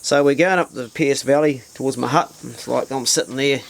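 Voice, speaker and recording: A man's voice: mid-range voice, brisk, creaky, slight background noise. A man telling a bawdy story in a casual, crude and self-mocking way, talking straight to the listener.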